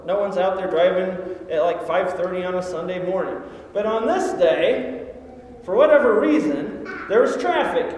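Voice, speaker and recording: High-voiced pastor in an echoing hall. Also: male voice, darkish tone, a little hiss or hum. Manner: storytelling, rhetorical questions. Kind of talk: sermon. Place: large echoing church hall. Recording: echoey hall reverb.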